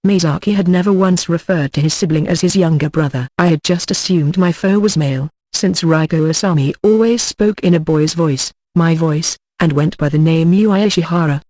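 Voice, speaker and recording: A man's voice: fairly high pitch, normal speed, hardly any pauses, darkish tone, no room sound. A man narrating an audiobook in the first person, reading a tense, bewildered inner monologue.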